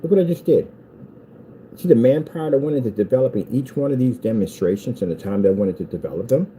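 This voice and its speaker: A man's voice: medium pitch, expressive, quick pace, warm tone, slight background noise, rough recording. A man running a small business, talking casually in a rambling vlog from his workshop and taunting his critics. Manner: taunting, mocking haters in a sing-song voice.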